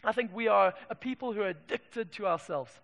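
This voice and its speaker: A man preaching a sermon in a church, swinging from emphatic declarations to quiet asides. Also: high voice, a little fast, creaky. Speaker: pastor. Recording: long hall reverb.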